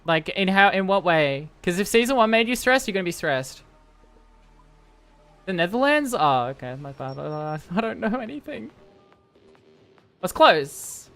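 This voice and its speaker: A woman's voice: medium pitch, big pitch swings, unhurried, pauses often, fairly bright tone. A young woman streaming live, chatting with her viewers in a playful, rambling way. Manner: playful, rambling, talks to chat. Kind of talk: casual live-stream chat. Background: faint music.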